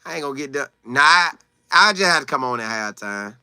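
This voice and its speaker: A man hosting a live sports talk stream, reading out viewers' comments and answering them with animated, repetitive emphasis. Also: medium pitch, brisk, clear, resonant tone, no echo, clean studio sound. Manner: repeats phrases for emphasis, acts out quotes. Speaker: sports talk show host.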